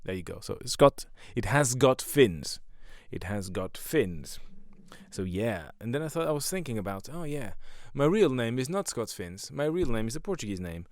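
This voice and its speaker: Comedian guy rambling on his podcast, swears a lot, pitch jumps all over, dry close sound. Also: very animated, fairly quick, hardly any pauses, no room sound. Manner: rambling, profane, self-mocking jokes. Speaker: stand-up comedian and podcast host. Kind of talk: casual podcast monologue.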